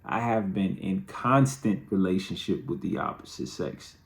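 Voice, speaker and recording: Gravelly low-voiced male storyteller. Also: a little slow. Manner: candid, conversational, dryly humorous. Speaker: host. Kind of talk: personal storytelling monologue.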